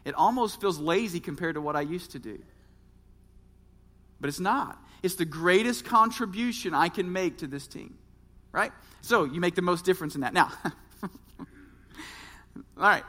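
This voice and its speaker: A man's voice: high voice, expressive, normal speed, pauses often, bright, forceful tone. A man in his thirties, a pastor preaching a sermon and speaking earnestly and directly to his congregation. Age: 30s. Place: church. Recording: reverberant church hall.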